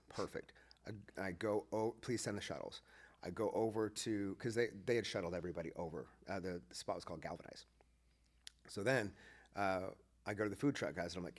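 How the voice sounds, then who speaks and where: Low-voiced man telling an animated story. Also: brisk. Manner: animated, acts out quoted dialogue. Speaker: podcast guest, former pastor. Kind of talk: casual storytelling conversation.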